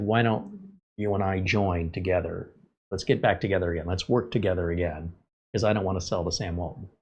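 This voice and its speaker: Low-voiced man rambling casually. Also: breathy edge. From US West Coast. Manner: chatty, gets loud and incredulous when joking. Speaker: tech channel host.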